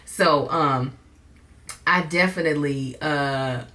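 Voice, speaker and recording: A young woman hosting a podcast, talking in an earnest, reassuring way in quick bursts. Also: low voice, bright, forceful tone. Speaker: podcast host. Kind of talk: casual chat.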